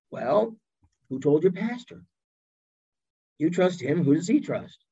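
A man with a fairly high but dark, husky voice tells stories as a podcast guest, slipping into the voices of the people he quotes. The recording is dull and lo-fi. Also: normal speed. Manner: animated, acts out quoted voices. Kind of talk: storytelling in an interview chat.

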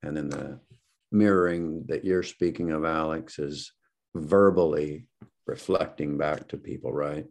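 A man who works with patients, calmly clarifying points in a casual discussion. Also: extremely low pitch, creaky. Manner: measured, clarifying. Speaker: clinician.

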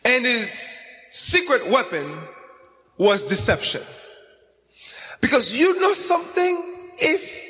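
Male preacher, sing-song chanting sermon, high voice, slow delivery, long echoing reverb. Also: very animated, pushed and bright.

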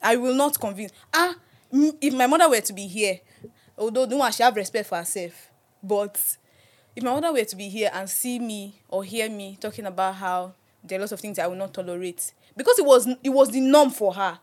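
A woman's voice: medium pitch, darkish tone. A woman co-hosting a podcast, reacting candidly in casual chat. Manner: quick, reactive interjections, candid. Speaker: podcast co-host.

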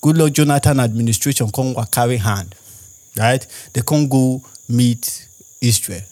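A man's voice: mid-range voice, normal speed, darkish tone. A young Nigerian man with a Nigerian accent, rambling through a casual monologue as a podcast host and firing off rhetorical questions.

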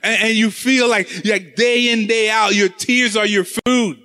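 A man's voice: high voice, steady tone, a little slow, bright, forceful tone. A man preaching a sermon with impassioned, sing-song delivery and many repeated words.

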